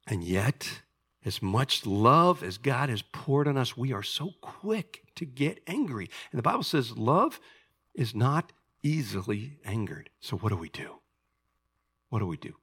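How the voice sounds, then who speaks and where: A man preaching a sermon, emphatic and animated, asking the congregation questions. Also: on the low side, a little slow, breathy edge. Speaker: pastor.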